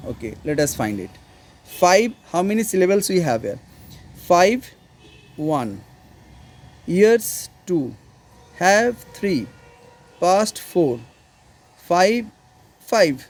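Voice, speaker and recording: A man's voice: high voice, darkish tone. A man teaches an online literature class. He explains things step by step and stops often to ask his students whether they follow. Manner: patient, explaining step by step, checks in with "got it?".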